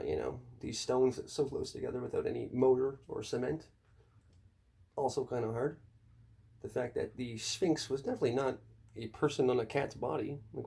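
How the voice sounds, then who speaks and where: A man with a gravelly, husky voice delivers a rambling comedic monologue. His talk is profane and conspiratorial, and it leaps high when he lands an emphatic point. His tone sits low and mellow in between those jumps.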